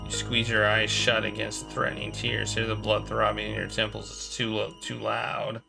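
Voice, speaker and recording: A man streaming a game, reading its text aloud in a flat storytelling tone and breaking off into playful asides. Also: on the low side, normal speed, creaky, music in the background. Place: home streaming setup.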